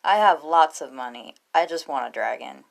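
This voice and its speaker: A woman's voice: low-pitched, expressive, moderate pace, vocal fry. A woman voicing an earnest, nervous teenage boy hero in a read-aloud story. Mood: bluffing.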